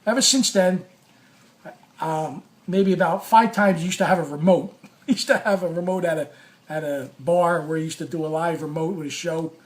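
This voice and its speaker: A man telling a personal story in a casual, animated way, swearing often and acting out what he said. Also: a little high, moderate pace. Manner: animated, profane, reenacts his own quotes. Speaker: former sports radio caller.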